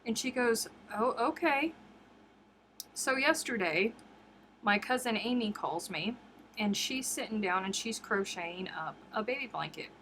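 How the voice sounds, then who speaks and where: A woman chatting casually on her crochet livestream, telling stories in a lively, chatty way. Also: normal speed, a little hiss or hum. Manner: chatty storyteller, jumps high acting out quotes.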